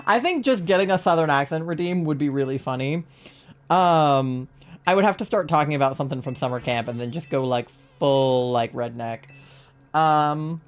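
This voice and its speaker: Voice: mid-range voice, normal speed. A young adult streamer from Virginia chatting casually during a live gaming stream, rambling, swearing freely and laughing often.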